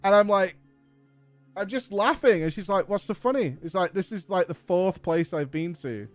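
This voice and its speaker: Streaming a game from home, a man with a high voice tells a story at a moderate pace, animated and exasperated, swearing often. The recording is dry, with faint music behind him.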